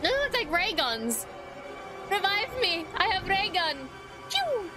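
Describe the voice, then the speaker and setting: A woman's voice: very high-pitched, big pitch swings, a little slow, music in the background. A woman streamer reacting to a cartoon show, blurting exclamations and swearing casually. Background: show soundtrack playing.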